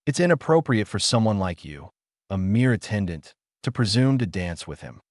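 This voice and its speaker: A haughty, scornful young princess, as a man reads her out, condescending in tone, his lowish voice moving widely in pitch. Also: sing-song, normal speed, a little mellow, dry recording, studio quality.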